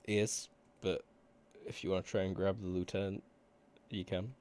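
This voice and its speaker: A man with a very low voice acts as game master for an online tabletop game. He talks in a relaxed way and often restarts his sentences. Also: moderate pace. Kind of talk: running a tabletop game on a video call.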